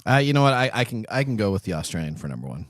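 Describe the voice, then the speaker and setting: A man hosts a radio show with quick, lively banter and plenty of laughter. His pitch swings widely as he talks. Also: no room sound, studio quality. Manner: lively, laughing, frequent restarts. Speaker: host.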